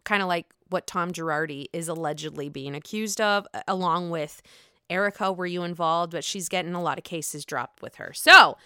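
A young woman casually recapping a reality show on her own, blunt and quick to swear, often mimicking people in exaggerated voices. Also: fairly low pitch, lively intonation, pushed and bright, smooth, dry recording, studio quality. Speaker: reality TV commentator. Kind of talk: casual solo recap chat.

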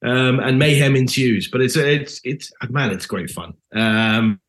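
A man with a British accent, an actor guest chatting in a casual podcast interview, animated and full of lively swings in pitch. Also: measured pace.

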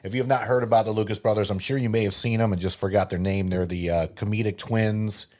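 A man's voice: lowish voice, fairly even intonation, quick pace, a little mellow. A man co-hosting a podcast, chatting loosely about a film, rambling and laughing often. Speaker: podcast co-host. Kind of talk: casual movie chat with read ad spot.

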